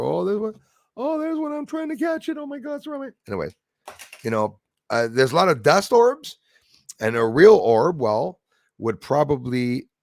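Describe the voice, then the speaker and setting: On a live stream, a man chats casually, reads viewer comments, laughs easily and thanks viewers by name. His mid-range voice is gravelly, captured in a dry, clean studio recording.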